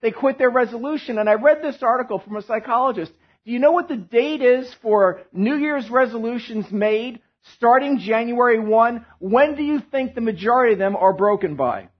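Pastor guy giving a sermon, kinda husky, dull lo-fi recording, jokes around a lot. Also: extremely high pitch, normal speed, few pauses. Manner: animated, joking storyteller who drops to a hushed tone in prayer.

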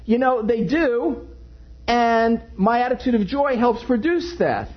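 A male pastor preaching a sermon to his congregation, animated and joking in asides. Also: very high-pitched, unhurried. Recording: dull lo-fi recording.

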